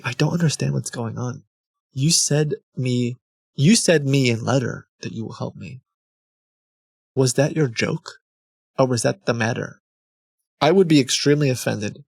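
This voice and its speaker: A man voicing a lovelorn woman pleading and scolding by letter, read aloud with a gravelly edge and close, dry sound. Her pitch sits in an ordinary middle range. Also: unhurried, long pauses, a little mellow, dry recording. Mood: offended. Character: pleading, reproachful woman writing love letters.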